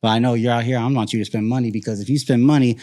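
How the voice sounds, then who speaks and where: A man's voice: medium pitch, fairly even intonation, racing, warm tone. A man working as a nightclub security guard, chatting casually, laid-back, laughing often and swearing freely. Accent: Californian. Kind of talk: casual chat.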